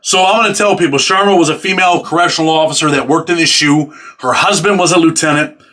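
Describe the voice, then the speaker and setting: A man hosting a casual interview, a former prisoner with a loose, street-casual way of talking. His voice sits fairly high and sounds bright. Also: fast.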